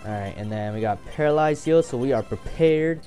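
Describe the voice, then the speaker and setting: A young man talks through his game in loose, excitable commentary, swearing freely and cracking jokes to himself. His voice sits at an ordinary middle pitch. Faint game music plays under him. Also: fairly quick. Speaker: gameplay commentator. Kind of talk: casual gameplay commentary.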